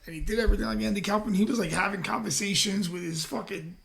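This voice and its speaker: A man's voice: high voice, fast, creaky, a crowd in the background. A man hosting a podcast, telling stories in casual chat, swearing a lot and acting out the people he quotes. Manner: animated storyteller, swears a lot, acts out quotes. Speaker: podcast host. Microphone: headphones with mic.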